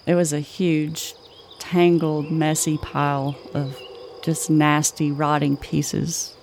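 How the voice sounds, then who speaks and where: A woman co-hosting a podcast, telling a spooky story in a slow, measured way. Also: sits low, a little hiss or hum. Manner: slow, measured, flat delivery. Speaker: podcast co-host. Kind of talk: spooky campfire-style storytelling.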